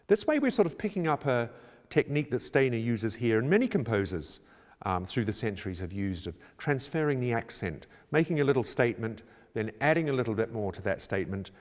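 Lowish male choir director, echoey reverb. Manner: calm, measured, explanatory. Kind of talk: instructional talk on score preparation. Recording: reverberant room with long echo.

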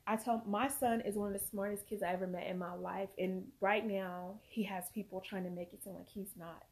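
A woman's voice: mid-range voice, fairly even intonation, fairly quick, hardly any pauses. A woman vlogging as a mother, talking earnestly and emphatically, swearing at times and close to tears. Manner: earnest, emphatic, swings from loud to quiet. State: near tears. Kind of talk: emotional personal vlog talk.

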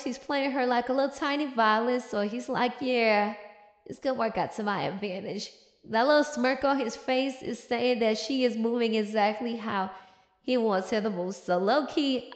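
Woman host, high voice, sassy slangy comic recap, roomy echo. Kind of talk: casual comic recap commentary.

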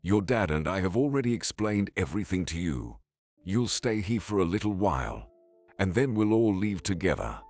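A guilty, tender woman speaking sadly to a little girl, her lines given in a deep, husky male voice with lively inflection, as a narrator puts her on. Faint music plays beneath. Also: moderate pace, no echo, full character voice. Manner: soft, sad. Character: remorseful tender woman, adult.

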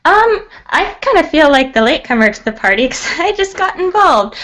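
A woman from Canada, a writer guest on a podcast, chatting casually in a bubbly, excitable way and laughing often. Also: high-pitched, brisk. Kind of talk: casual chat.

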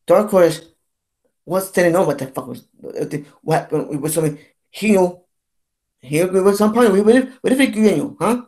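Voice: medium pitch, moderate pace, darkish tone. A person in their twenties ranting on a vlog in a fed-up, rambling way, repeating themselves and stumbling through false starts. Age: 20s. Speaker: vlogger.

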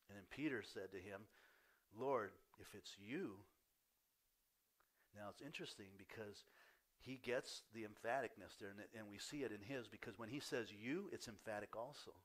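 An older pastor giving a sermon, telling stories and acting out the voices of the people in them. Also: male voice, mid-range voice, moderate pace, fairly bright tone. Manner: storytelling, acts out voices of people in the story. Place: church.

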